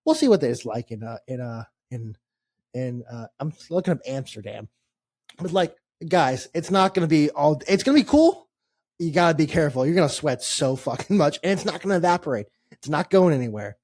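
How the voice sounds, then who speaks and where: A man co-hosting a casual sports podcast with a voice that sits a little high for a man. He talks in quick, rambling, jokey bursts and swears casually. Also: animated, a little mellow. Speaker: podcast co-host. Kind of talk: casual chat.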